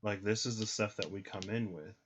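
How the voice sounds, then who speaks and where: A man's voice: on the low side, fairly quick, a little hiss or hum. A man giving a casual livestream tarot reading, thinking aloud with many ums. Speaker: tarot reader. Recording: slightly muffled lo-fi audio.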